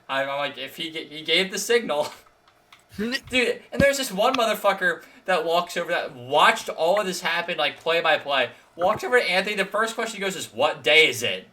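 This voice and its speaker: A man's voice: high voice, lively intonation, normal speed, sharp tone. A young man, a podcast host, telling a story in casual chat, swearing a lot and laughing as he goes.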